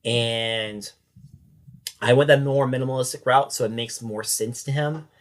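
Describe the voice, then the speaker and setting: A man's voice: mid-range voice, steady tone, unhurried. A man, a sheriff's corporal, recounting a story as a podcast guest in a detailed, matter-of-fact way. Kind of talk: interview storytelling.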